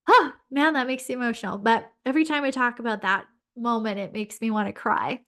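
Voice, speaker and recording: A woman hosting a podcast who tells a personal story in an earnest, heartfelt way, often using "um" and "like". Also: a little high. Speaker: podcast host and spiritual medium.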